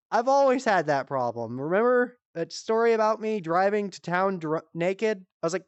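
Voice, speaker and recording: Animated swearing woman telling a story. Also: moderate pace, hardly any pauses, clean tone, dry recording. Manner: animated, swearing freely, jumps into high voices for quotes. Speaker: comedy show host. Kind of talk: casual storytelling. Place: virtual-world live stream.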